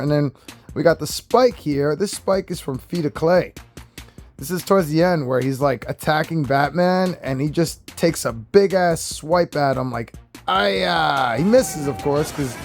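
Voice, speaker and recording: Jokey guy hosting a toy review, kinda high-pitched, cursing casually, soft music in the background. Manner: excitable and jokey, swears freely. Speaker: host. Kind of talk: casual chat.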